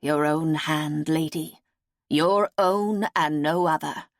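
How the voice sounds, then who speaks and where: A woman's voice: low-pitched, no room sound, clean studio sound. A woman doing a weary old seer. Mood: stern. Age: older. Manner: slow, solemn, measured.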